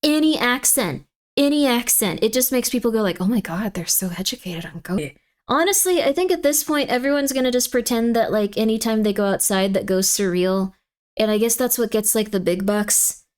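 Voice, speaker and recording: A woman's voice: a little high, fairly quick, clean tone. A woman streamer chatting casually on a livestream, rambling and playfully emphatic.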